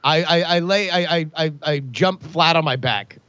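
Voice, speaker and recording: A goofy man playing a tabletop game, stammering before his words come out. His voice sits a little high. The recording is dry and lo-fi. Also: moderate pace, sharp tone, no room sound. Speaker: player. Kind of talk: tabletop role-play banter.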